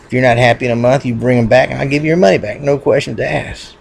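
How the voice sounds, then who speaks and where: A man's voice: mid-range voice, fairly even intonation, fast talker, gravelly, slight background noise, close to an everyday voice. A man voicing a rancher selling a bull over the phone in a joke, with a salesman's patter. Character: smooth-talking male bull seller, rancher.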